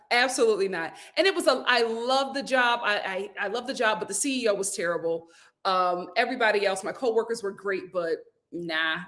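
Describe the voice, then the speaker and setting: A woman's voice: mid-range voice, a bit bright. A woman hosting a casual live stream, reading viewer comments aloud and telling a story in a chatty way. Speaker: YouTube host.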